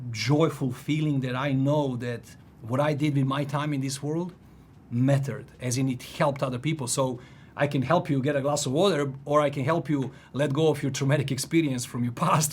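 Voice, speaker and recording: A man in his forties telling a personal story in casual chat, animated, restarting sentences and laughing often. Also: fairly high pitch, a little hiss or hum. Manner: animated, frequent restarts and laughs, "if you know what I mean".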